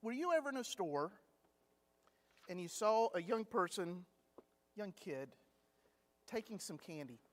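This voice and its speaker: A man's voice: sits high, big pitch swings, a little slow, pauses often. A man teaching a conversational Bible class, telling anecdotes with humor in a chatty storytelling way. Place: church classroom. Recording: long hall reverb.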